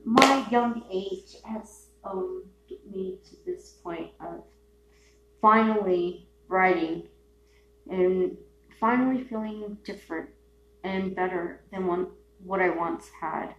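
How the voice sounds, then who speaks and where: A woman drawls slowly through a rambling, profane solo podcast rant. She drops into low mutters and then breaks out in sudden shouts. Her voice rings around an echoey room over a faint steady hum. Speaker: podcast host.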